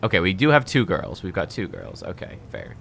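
A man's voice: deep voice, wildly swooping pitch, a little fast, gravelly, fairly bright tone, a little hiss or hum. A man giving gameplay commentary as a let's play host, with wry, incredulous asides.

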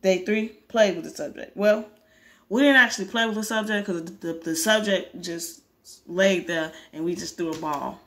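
A woman's voice: lowish voice, normal speed, a bit bright. A woman casually reading a webcomic aloud, with chatty asides to her viewers. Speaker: comic reader.

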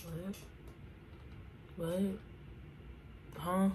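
Young woman, beauty vlogger, slow relaxed pace, slangy casual chat, bits of singing, faint room noise. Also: on the low side. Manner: slangy, sings snippets while doing makeup. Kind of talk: casual get-ready-with-me chat.

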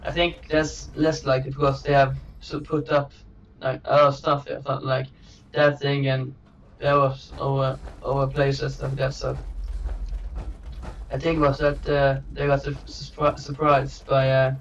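Slow rambling jokey man, distant mic. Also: medium pitch, completely flat delivery. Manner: rambling and jokey, trails off and restarts, chuckles often. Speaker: gamer commentating his own play. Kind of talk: casual gameplay commentary. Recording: dull distant mic with faint hiss.

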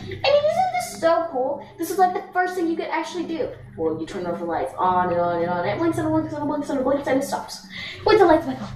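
Woman doing a rambly bubbly doll girl, repeats stuff, kinda high, super swoopy. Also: huge pitch swings, quick pace, over loud music. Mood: excited. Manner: rambling, giggly, repeats herself. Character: chatty bubbly female teen doll who works the lights. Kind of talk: doll play acting. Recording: loud background noise.

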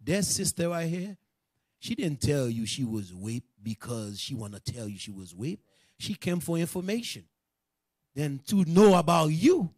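Here a man teaching a religious class preaches in easygoing street talk, animated and joking, with scolding asides aimed at the people listening. His pitch is fairly high, he keeps a measured pace, and there's no room sound.

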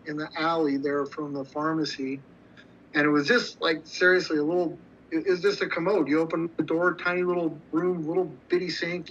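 As an interview guest, a man tells a story casually in a blunt, profane and rambling way, often restarting his sentences. His voice is fairly high and a bit bright, and the recording is slightly muffled with faint noise.

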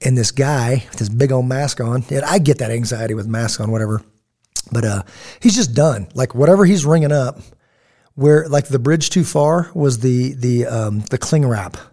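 Here a middle-aged man with a medium-pitched, dark voice speaks at normal speed. He's a podcast host chatting casually, drifting off on tangents and performing the voices of people in his stories.

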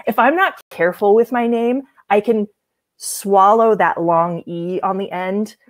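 A woman's voice: medium pitch, a little slow, no echo. A woman, a voice coach explaining breath and speech sounds in a thoughtful, explanatory way. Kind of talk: explanatory talk.

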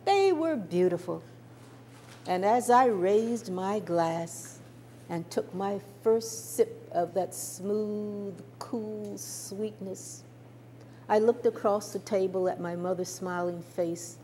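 An older woman telling a personal story from her childhood, expressive and with small stammers. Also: medium pitch, slight background noise. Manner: expressive, warm-toned recounting with small stammers.

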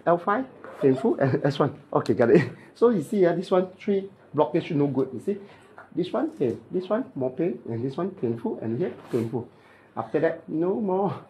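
A male chiropractic therapist with a Malaysian English accent gives a client clipped, playful instructions during treatment, imitating cracking sounds. His voice is a little high and mellow, with the highs cut off and a little hiss or hum.

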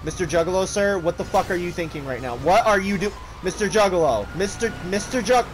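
A young man casually commentating a multiplayer game with friends, loud and excitable, swearing often and breaking into shrieking laughs. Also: high-pitched, brisk, slight background noise. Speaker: gaming streamer.

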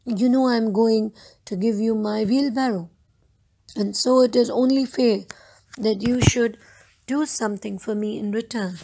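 A woman's voice: a little high, fairly even intonation, measured pace, warm tone, poor audio. A woman reads the lines of a selfish miller in a storybook tale. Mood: wheedling. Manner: wheedling, self-serving. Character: selfish grown man, a miller.

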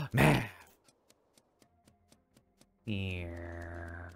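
Male gaming streamer, casual and excitable; low voice, very lively pitch. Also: moderate pace, no echo. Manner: excitable, shouts and laughs while playing.

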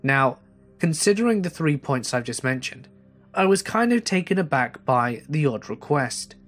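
A man reading a first-person horror story aloud in a measured storytelling delivery. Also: fairly high pitch, very animated, a bit bright. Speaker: narrator. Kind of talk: scripted horror story narration. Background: faint music.

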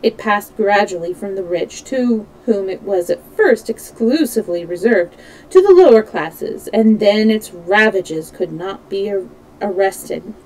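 A woman storyteller reads a classic novel aloud at an even, measured pace. Her voice sits at an ordinary middle pitch, and she stumbles now and then and simply corrects herself. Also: low-quality recording. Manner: steady, measured, with small slips and self-corrections.

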